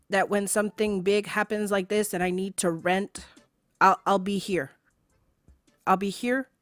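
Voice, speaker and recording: A woman's voice: medium pitch, no echo. Fired-up woman streamer ranting. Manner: swearing, heated, sarcastic, repeats herself. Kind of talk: angry rant to a live stream chat.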